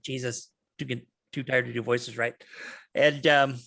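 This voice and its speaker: A man's voice: mid-range voice, little pitch movement, unhurried, vocal fry, fairly bright tone. A man narrating as game master, rambling and loose with many fillers.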